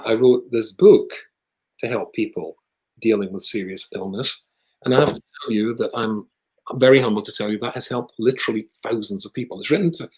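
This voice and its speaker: A man with a British accent, a rabbi telling a long personal story in conversation, with lively asides. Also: lowish voice, low-quality recording. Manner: animated anecdotal storyteller with asides.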